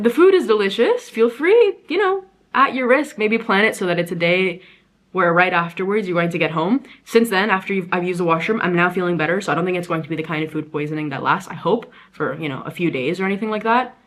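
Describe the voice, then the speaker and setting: Fast-talking young woman vlogger, low-pitched. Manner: animated, rambling, frequent self-corrections. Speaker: travel vlogger. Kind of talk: casual storytelling.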